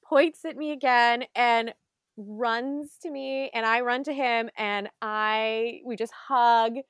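A woman telling an excited story in casual chat, full of "like" and quoted asides. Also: fairly high pitch, takes it slowly, clear, resonant tone, no room sound.

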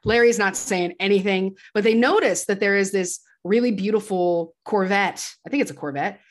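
A woman's voice: medium pitch, normal speed. A woman co-hosting a podcast, animatedly retelling a film's plot in casual conversation. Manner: animated, chatty retelling with laughs. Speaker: podcast co-host. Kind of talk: casual film recap.

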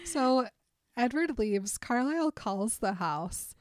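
A woman's voice: fairly high pitch, lively intonation, takes it slowly, dry recording. Chatty woman, dry close sound. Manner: laughing, acting out characters' lines in quotes. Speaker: podcast co-host. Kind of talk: casual chat recapping a story.

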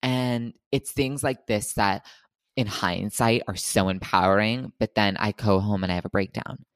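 A woman's voice: very deep voice, steady tone, moderate pace, no echo. Woman telling candid stories, dry close mic. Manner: candid, storytelling with asides. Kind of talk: casual chat.

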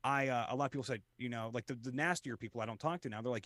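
A man in his thirties, a voice actor guest in a casual podcast chat, animated and quick to jump into loud silly voices. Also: mid-range voice, dry recording. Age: 30s.

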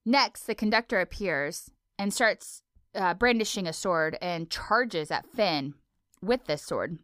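Low smooth woman voice, playful chatty podcast recap, dry sound. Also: animated, slow, fairly bright tone, dry recording. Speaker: podcast co-host. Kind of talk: casual chat recapping a cartoon episode.

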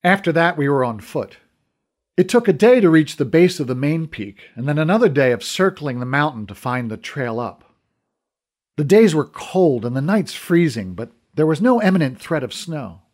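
A man narrating a novel for a podcast. His pitch rises and falls in an animated way, and the reading is clear and steady. He tells the story in a warm-paced, attentive first-person voice. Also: moderate pace. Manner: storytelling, with lively, expressive pitch. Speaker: author and narrator. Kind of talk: scripted audiobook narration.

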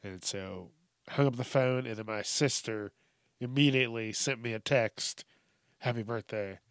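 A man in his thirties speaks at medium pitch with a smooth, fairly bright tone, recorded on a studio mic in a small home studio with no room sound. Hosting his podcast solo, he rambles profanely, with frequent fillers and restarts.

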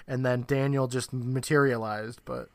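A man in the middle of a casual podcast chat, recounting a show scene by scene. His pitch sits at an ordinary middle height, and the recording is dry and close, with no room sound at all. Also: moderate pace, creaky, no echo. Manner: animated retelling, acts out lines with laughs. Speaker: podcast co-host.

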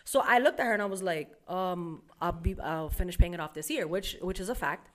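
A young woman casually telling a story, animated and profane, acting out her mother's lines. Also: lowish voice, a little fast.

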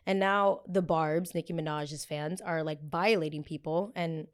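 A woman's voice: low voice, fairly even intonation, moderate pace. A woman hosting a show, chatting casually about pop culture in a blunt, gossipy and profane way, often going off on tangents. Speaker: host.

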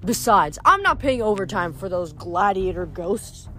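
A woman's voice: mid-range voice, big pitch swings, unhurried, a little hiss or hum. A woman voicing a bossy, theatrical male giant showman who snaps and demands, in an audiobook reading. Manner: snappish, demanding, loud.

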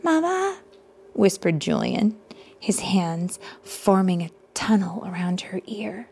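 A woman reading a picture book aloud to children in a soft, hushed voice that often drops to a whisper, stopping to ask her listeners questions. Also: lowish voice, fairly even intonation, slow, a little hiss or hum. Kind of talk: soft-spoken storybook reading.

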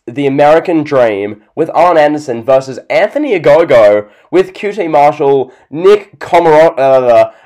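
A man's voice: a little high, darkish tone. A man hosting a wrestling podcast, chatting casually with sarcastic, mock-serious remarks. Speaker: podcast host. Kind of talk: casual chat.

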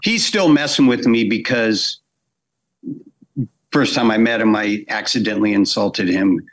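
A man's voice: lowish voice, a little slow. A man telling behind-the-scenes anecdotes in a casual interview, acting out quotes and restarting phrases. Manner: animated anecdotes with acted quotes, frequent restarts. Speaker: animator guest.

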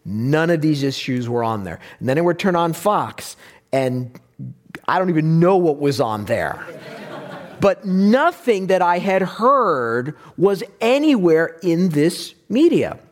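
A man speaks in a relaxed discussion, with wry asides that break into brief mock voices. His pitch swings widely, climbing high when he presses a point. His delivery stays lively throughout. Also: slow. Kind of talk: casual discussion.

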